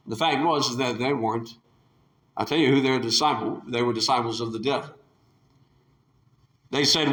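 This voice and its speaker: A man preaching a sermon with passion, acting out the voices of the people in the story and rising to shouts. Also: mid-range voice, normal speed, long pauses, echoey room. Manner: impassioned, acts out the quotes with rising shouts.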